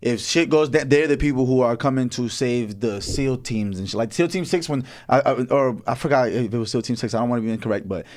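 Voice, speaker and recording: A young man co-hosting a podcast, telling stories in a casual, profane, animated way with frequent laughs. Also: mid-range voice, a little fast, few pauses. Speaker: podcast co-host. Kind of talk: casual chat.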